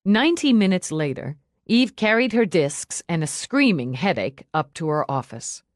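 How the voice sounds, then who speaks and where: Woman, audiobook narration, lively pitch, dry close studio sound, steady storytelling. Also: moderate pace, dry recording.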